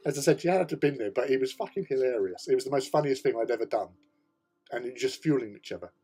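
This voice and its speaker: A British man with a husky, slightly breathy voice and a mid-range pitch, chatting casually as a hobby host. He rambles through a story, swearing freely and laughing often, with faint music behind him. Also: animated, fast talker, warm tone.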